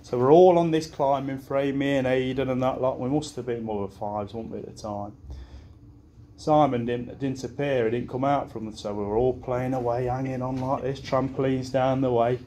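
A young man telling rambling childhood stories in a best man speech, often breaking into laughter and swearing casually. His voice sits at an everyday middle pitch. A faint hum of the reception room is heard behind him. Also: fairly even intonation, normal speed, mellow. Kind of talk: wedding speech storytelling.

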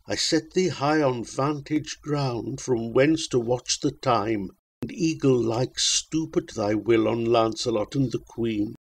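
A man reading the lines of a scheming, mocking damsel in a narrative poem, slow and insinuating. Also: mid-range voice, breathy edge.

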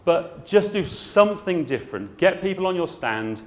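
A man's voice: sits high, very animated, normal speed. A middle-aged man addresses a room of suppliers. His delivery is plain-spoken and chatty. He keeps the talk moving with dry, jokey asides. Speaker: garden centre owner speaking at a trade show. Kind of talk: trade show talk to an audience.

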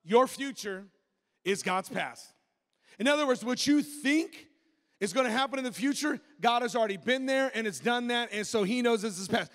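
A middle-aged man preaching a sermon in a church, animated and joking, telling a personal story in a conversational way. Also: very high voice, normal speed. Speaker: pastor. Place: church sanctuary. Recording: long reverb of a large hall.

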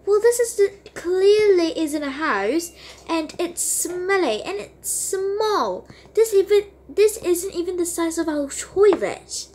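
A woman's voice: a little high, animated, measured pace. A woman voicing a snobby, bossy rich mother in a toy role-play game, speaking haughtily and looking down on others. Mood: scornful.

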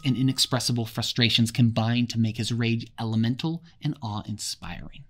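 A man's voice: medium pitch, moderate pace, hardly any pauses. A man giving a casual book summary for a lesson, with wry, sarcastic asides. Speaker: literature explainer for teachers and students.

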